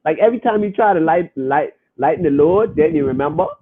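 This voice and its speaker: Husky man on a tinny phone line. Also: a little high, lively intonation, quick pace. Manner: emphatic, repeats and restarts phrases. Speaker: podcast host. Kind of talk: casual podcast talk to listeners.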